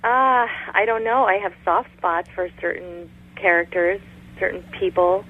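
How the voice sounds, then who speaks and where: A woman's voice: fairly low pitch, steady tone, unhurried. A woman guest in a casual interview, chatty and long-winded. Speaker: voice actress guest. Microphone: phone call. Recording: tinny phone line with faint noise.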